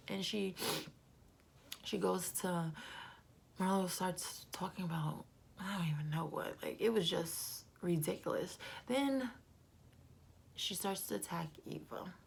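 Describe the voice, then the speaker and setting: A woman's voice: lowish voice, vocal fry, a little mellow, husky. A woman giving a casual, chatty recap of a reality TV episode, gossipy and prone to whispered asides.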